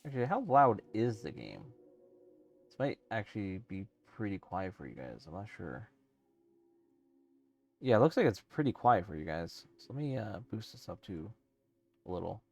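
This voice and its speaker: A man's voice: lowish voice, very animated, normal speed, vocal fry, pauses often. A man streaming a let's play, rambling casually as he thinks aloud with lots of fillers. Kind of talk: casual let's-play commentary while gaming.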